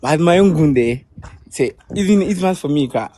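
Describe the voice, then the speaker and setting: A man's voice: a little high, animated, normal speed, mellow. A man in his twenties with a Ghanaian accent, calling in from outdoors, hesitant and agreeable, often answering with yeah. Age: 20s. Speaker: caller.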